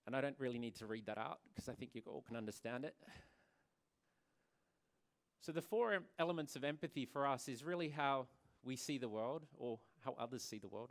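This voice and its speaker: A man's voice: mid-range voice, fairly quick. Earnest man giving a conference talk. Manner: earnest, repeats words and restarts often. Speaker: salon owner and presenter. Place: conference venue.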